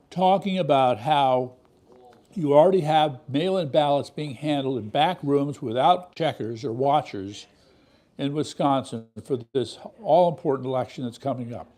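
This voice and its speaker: A man's voice: medium pitch, normal speed, dark tone. A man hosting a political commentary show, talking in an indignant, emphatic way full of rhetorical questions. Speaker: show host.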